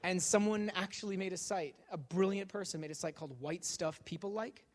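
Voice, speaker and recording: Male lecturer, high voice, animated comic storyteller who acts out the people he quotes. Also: a little fast, a little hiss or hum. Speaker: guest lecturer and author.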